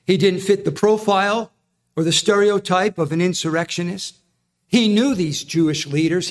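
A man preaching a sermon in an earnest, emphatic, explaining manner. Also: on the high side.

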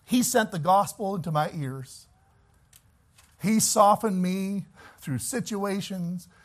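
A male preacher delivering a sermon, moving from slow, quiet reflection to loud, fervent exhortation that rises to shouts. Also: high-pitched.

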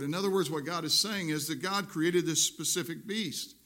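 A male pastor delivering a Sunday sermon. His voice is bright and forceful, pitched a little high. He reads scripture aloud and works through it with earnest, rising emphasis. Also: normal speed, few pauses.

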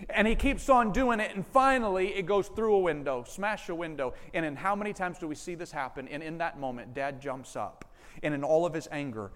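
A male pastor preaching a sermon, animated and acting out family members' lines. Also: on the high side, moderate pace, long reverb tail. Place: church sanctuary.

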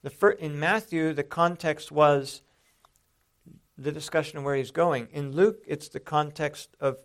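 Gravelly-voiced man teaching a sermon. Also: a little high. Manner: explanatory, with emphatic rises on quoted lines. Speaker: Bible teacher.

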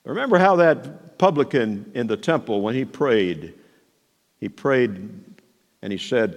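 Man, pastor preaching, emphatic, animated pitch, long hall reverb. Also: moderate pace. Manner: emphatic preaching, swinging between soft asides and raised declarations. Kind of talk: sermon.

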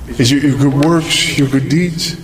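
A man preaching a sermon, earnest and searching, asking pointed questions with pauses for emphasis. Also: mid-range voice, background noise. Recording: long hall reverb.

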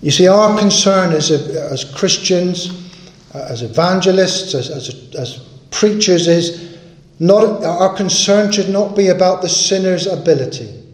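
A man delivers a sermon with a somewhat raised pitch and an earnest, emphatic manner. He drives home his points by repeating them. His voice rings in an echoey room. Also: a little slow. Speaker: preacher.

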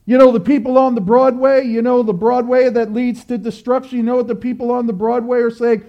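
High-voiced man preaching earnestly. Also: level tone, a little fast, hardly any pauses, dark tone, muffled recording. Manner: earnest, repetitive, exhorting. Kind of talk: sermon.

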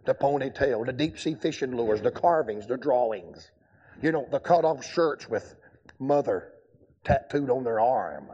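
A man's voice: mid-range voice, expressive, a little slow, mellow, slightly rough, highs cut off. An older man preaching a revival sermon, telling folksy stories with humor. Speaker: evangelist preacher.

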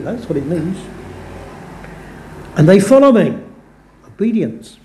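A man's voice: on the high side, big pitch swings, a little slow, pauses often, warm tone, slight background noise. A man preaching a sermon in a chapel, speaking earnestly and giving weight to the scripture he quotes. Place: church or chapel. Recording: echoey church room.

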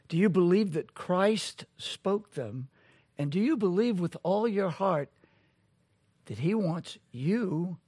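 Brief: high-pitched male preacher, slow and deliberate, pressing rhetorical questions, dry close sound. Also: darkish tone, husky, dry recording. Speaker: pastor. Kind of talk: sermon.

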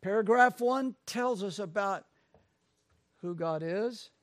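Man, pastor, sermon, high voice, dry sound, low asides to loud proclaiming. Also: takes it slowly, dry recording.

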